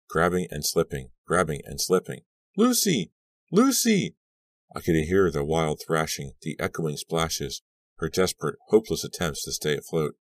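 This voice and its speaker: Male audiobook narrator, very deep voice, tense measured reading, dry close sound. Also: no echo.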